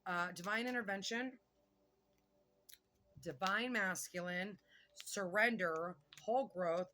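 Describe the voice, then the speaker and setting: A woman giving a casual tarot reading, chatty and excitable, thinking aloud and swearing now and then. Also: medium pitch, slow pace, a little hiss or hum. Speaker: tarot reader.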